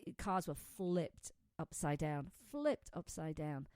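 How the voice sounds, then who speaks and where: Woman, low-pitched, casual talk-show host, dry recording, rambling, laughs easily. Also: very animated, takes it slowly, a little mellow, clean tone, no echo. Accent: non-American, says it is her own. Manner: chatty, laughs often, wanders off topic. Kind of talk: casual chat.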